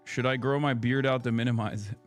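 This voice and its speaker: A man's voice: medium pitch, steady tone, brisk. Young man, live stream host, casual sarcastic commentary, swearing, music under.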